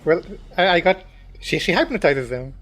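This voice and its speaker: A man's voice: fairly high pitch, very animated, moderate pace, a bit bright. A man co-hosting a podcast who chimes in casually with corrections. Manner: interjecting with corrections. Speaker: podcast co-host. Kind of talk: casual chat.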